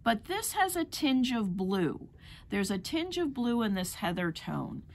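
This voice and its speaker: A woman's voice: on the high side, very animated, measured pace. A middle-aged woman teaching rug hooking, chatting through fabric colors one by one in a demonstration. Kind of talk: demonstration lesson.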